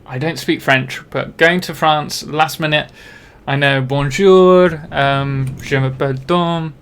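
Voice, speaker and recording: A man's voice: a little high, steady tone, takes it slowly, fairly bright tone, smooth. Chatty young man streaming a game. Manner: rambling, chatty, self-deprecating, many ums and restarts. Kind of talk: casual live-stream chat while playing.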